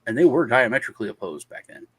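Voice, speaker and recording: A man's voice: mid-range voice, fast, breathy edge. A man telling a long anecdote on a casual panel show and acting out the other people in it. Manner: animated anecdote-telling, acts out quoted voices. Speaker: panel guest.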